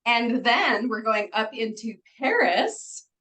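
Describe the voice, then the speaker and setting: Heard through a low-quality recording, the woman's voice is high-leaning, bright, and forceful, very animated though slow. A retreat organizer appearing as an interview guest, she chats in a bubbly way, giggling frequently and saying "like" and "um."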